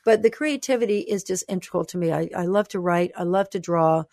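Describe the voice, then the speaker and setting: A woman author talking as a guest in an interview, animated and expressive, sometimes playful. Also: lowish voice, brisk, no room sound, clean studio sound. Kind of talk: conversational interview.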